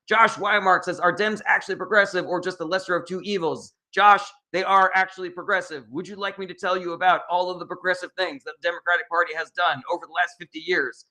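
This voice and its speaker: A man's voice: sits high, fairly even intonation, fast talker, hardly any pauses, sharp tone. A man hosting a political livestream, reading chat comments aloud and answering them in a blunt, sarcastic, profane way. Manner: blunt, combative and sarcastic with commenters, swears freely.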